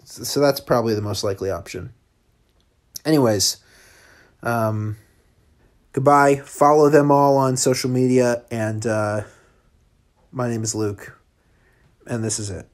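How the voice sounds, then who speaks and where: A man's voice: mid-range voice, measured pace, long pauses. A man doing a rambling, self-deprecating comic podcast monologue recorded as a phone voice memo. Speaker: podcast guest doing a solo episode.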